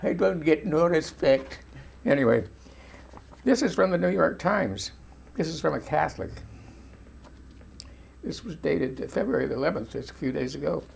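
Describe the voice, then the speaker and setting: A man's voice: fairly high pitch, sing-song, normal speed, vocal fry, long pauses, slight background noise. An older man giving folksy, informal video commentary, talking straight to his viewers as friends. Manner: folksy, addresses viewers as friends, frequent restarts.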